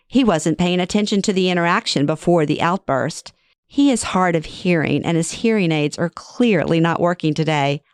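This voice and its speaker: A woman's voice: deep voice, no room sound, studio quality. A middle-aged woman reads her own personal story aloud in a wry, conversational, self-deprecating way. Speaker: author reading her own memoir. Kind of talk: first-person story narration.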